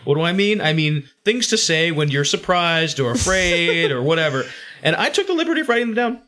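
A man's voice: fairly high pitch, big pitch swings, brisk, pushed and bright. A man hosting a casual podcast chat about comics, laughing often and acting out quoted lines. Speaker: podcast host.

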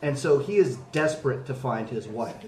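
A man's voice: mid-range voice, lively intonation, moderate pace, darkish tone. A young adult man in casual podcast chat, telling a story earnestly with many fillers. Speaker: podcast panelist. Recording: roomy, from a distance.

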